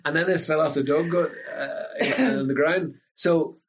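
A man from Northern Ireland with an Ulster Scots accent, chatting casually and telling animated stories. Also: on the high side, measured pace, breathy edge, dull audio. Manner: animated storyteller, breaks into local voices. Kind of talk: casual chat.

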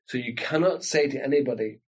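A man from Northern Ireland with an Ulster Scots accent, chatting casually and telling animated stories. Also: mid-range voice, brisk, slightly rough, highs cut off. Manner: animated storyteller, breaks into local voices. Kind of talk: casual chat.

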